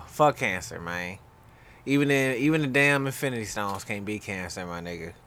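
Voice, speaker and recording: A young man co-hosting a podcast, loud and animated with slang-heavy banter. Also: fairly low pitch, normal speed. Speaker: podcast co-host. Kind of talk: casual chat.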